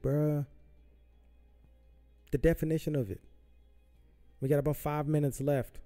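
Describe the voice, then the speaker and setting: A man's voice: on the high side, steady tone, unhurried, pauses often, dark tone, faint music behind. A man hosting a podcast, ranting heatedly about politics with lots of profanity and repetition. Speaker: podcast host. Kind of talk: political rant. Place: Southern California.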